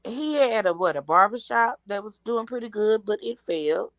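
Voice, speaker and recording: A woman's voice: mid-range voice, animated, moderate pace, a bit bright, dry recording. A woman co-hosting a casual chat, asking incredulous questions. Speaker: co-host.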